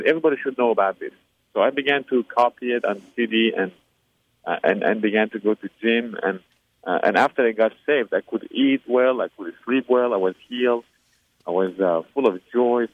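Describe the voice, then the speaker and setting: An earnest man tells his personal faith story as an interview guest, often pausing and searching for words. His voice sits fairly low. The sound comes through a tinny, dry phone line. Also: no echo. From Iran. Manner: earnest, with frequent hesitations and fillers.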